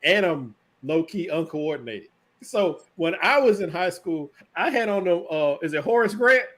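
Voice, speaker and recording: A man's voice: sits high, expressive, normal speed, fairly bright tone. A middle-aged man chatting casually on a video call, rambling, joking and laid-back.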